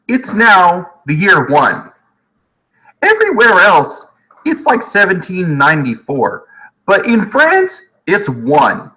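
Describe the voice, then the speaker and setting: Bright-voiced man giving a lively history lesson. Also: high voice, low-quality recording. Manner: lively, jokey, acts out quick voices of historical people. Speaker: history teacher. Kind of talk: casual recorded lecture. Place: home.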